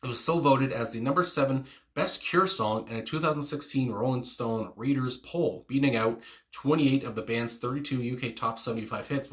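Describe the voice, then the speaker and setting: A man hosting a music reaction video talks in a loose, rambling way, full of fillers and restarts. His voice is bright and a little tense and sits at an ordinary pitch. His delivery comes across as eager and gushing. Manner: gushing, enthusiastic. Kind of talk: casual reaction commentary.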